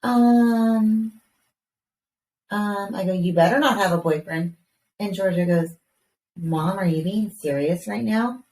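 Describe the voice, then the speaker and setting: A woman in her thirties co-hosting a casual podcast, telling a lively story about her young kids, swearing casually and acting out their voices. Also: mid-range voice, a little slow, long pauses. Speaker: podcast co-host. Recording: roomy, distant mic with faint background hiss.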